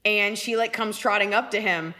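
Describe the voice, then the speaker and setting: A woman in her forties, a comedian hosting a live podcast, telling stories in an animated, chatty way. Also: mid-range voice, a little hiss or hum. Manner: animated, storytelling, quick to jump into voices. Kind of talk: casual comic chat at a live show.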